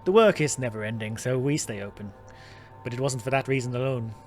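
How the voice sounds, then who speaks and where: A man voicing a proud, aging Irish manor lord in a game, with an Irish accent and formal, measured speech. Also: mid-range voice, soft background music, close to an everyday voice. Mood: reflective. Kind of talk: reading game dialogue aloud.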